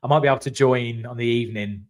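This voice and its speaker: A man with a medium-pitched voice chats on a football podcast. He tells stories with energy and mimics rival fans, throwing in the odd swear word. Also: fast talker. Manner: animated storyteller, acts out rivals' voices, swears. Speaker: podcast co-host. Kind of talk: casual football chat.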